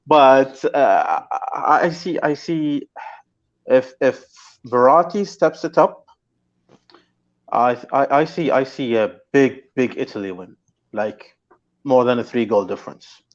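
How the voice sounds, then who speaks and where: A man's voice: medium pitch, slow, long pauses, dull audio. A man guest in a casual podcast chat, rambling and hesitant with many fillers.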